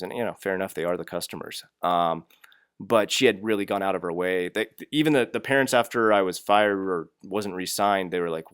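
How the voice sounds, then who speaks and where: A man's voice: low-pitched, brisk, a bit bright, clear, resonant tone, no room sound, studio quality. A young man who teaches English, giving blunt and frank workplace advice in a casual vlog, ranting and swearing freely.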